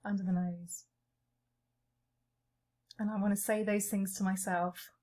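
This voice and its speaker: A woman leading a guided EFT tapping session, calling out each tapping point in a slow, gentle way. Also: medium pitch, flat delivery.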